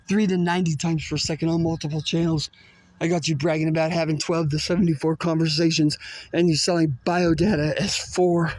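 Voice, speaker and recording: A man with a rather high voice unleashes an aggressive, profane, threatening rant at someone unseen. He rambles, veering between shouting and muttering.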